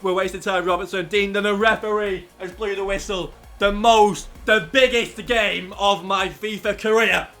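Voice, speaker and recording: Scouse lad yelling over his fifa match, out of breath, high bright voice. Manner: shouts excitedly over goals, then talks fast and loose. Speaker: gaming YouTuber. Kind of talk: excited gameplay commentary.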